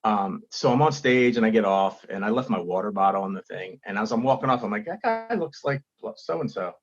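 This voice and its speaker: A man's voice: lowish voice, fast, highs cut off. A man, a stand-up comedian, chatting casually on a podcast and telling stories with acted-out quotes. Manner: animated storytelling, acts out quotes.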